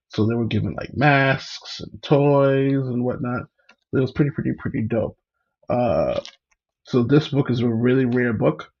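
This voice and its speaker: A man's voice: mid-range voice, gravelly, darkish tone, husky, muffled recording. A man hosting a casual livestream, chatting and greeting viewers by name. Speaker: livestream host.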